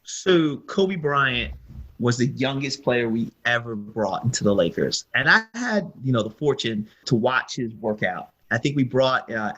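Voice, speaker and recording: Husky middle-aged man telling animated stories. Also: medium pitch. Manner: animated storyteller who acts out quoted exchanges. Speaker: guest, former basketball team staffer. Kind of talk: storytelling interview answer.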